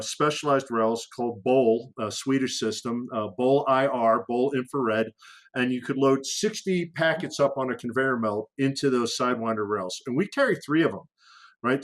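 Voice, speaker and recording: A middle-aged man with a voice pitched in the ordinary middle range, telling combat stories in a loose, chatty podcast interview. He restarts sentences a lot and swears casually. His voice climbs sharply whenever he acts out the radio chatter. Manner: animated storyteller who acts out radio calls with sudden loud raised lines; frequent restarts and fillers, profane casual military slang. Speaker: podcast guest, former fighter aircrew.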